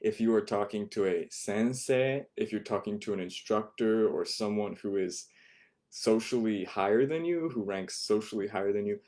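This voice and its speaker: A man teaching a beginner Japanese class over a live stream, patiently repeating words and modeling pronunciation slowly. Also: fairly low pitch, darkish tone. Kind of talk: online language lesson.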